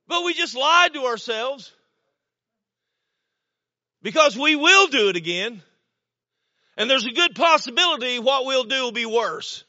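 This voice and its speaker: A man preaching a sermon in a folksy, storytelling way, repeating words and now and then breaking into shouts. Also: very high voice, lively intonation, unhurried, pauses often, no echo, lo-fi sound. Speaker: pastor.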